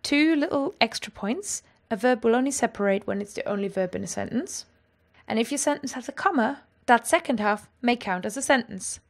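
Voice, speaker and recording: A woman teaching a language lesson, explaining clearly and with lively energy. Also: on the high side, brisk.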